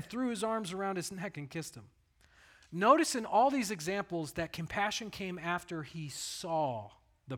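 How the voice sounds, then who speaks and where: A middle-aged pastor giving a conversational sermon, telling stories in an earnest, plain way. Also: male voice, high-pitched, fairly bright tone.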